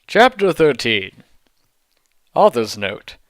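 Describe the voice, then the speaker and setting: A man giving a comic dramatic reading of a fan fiction, with a mocking deadpan delivery and incredulous asides. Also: medium pitch, slow, dry recording, studio quality.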